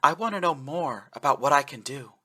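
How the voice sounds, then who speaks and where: A man's voice: on the high side, lively intonation, brisk, sharp tone, husky, pitched above the performer's own voice, heavily acted. A man doing a determined psionic young woman. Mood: earnest.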